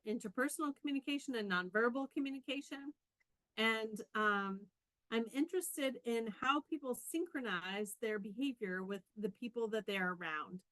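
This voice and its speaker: A middle-aged woman from Canada, a communication professor, giving a fast, explanatory conference lecture. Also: on the high side, fairly bright tone, no echo, rough recording.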